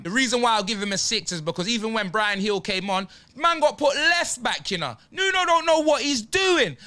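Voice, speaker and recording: A young-sounding man rants through his team's player ratings. His voice sits high and swings widely, bright and sharp. He is slangy and exasperated throughout. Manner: slangy, exasperated, drops tag words like "fam" and "blood". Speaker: football fan giving player ratings. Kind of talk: animated fan rant.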